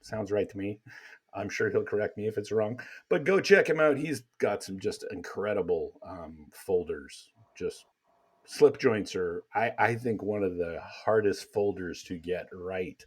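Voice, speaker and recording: The podcast host's low, breathy voice carries a laid-back, meandering conversation packed with filler words.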